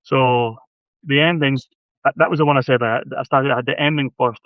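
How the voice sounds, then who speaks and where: A man's voice: medium pitch, steady tone, brisk, dry recording. Man in his fifties on a tinny call line. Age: 50s. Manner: rambling, restarts a lot. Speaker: author guest. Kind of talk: casual storytelling. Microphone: video call. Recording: tinny phone-like line, dry.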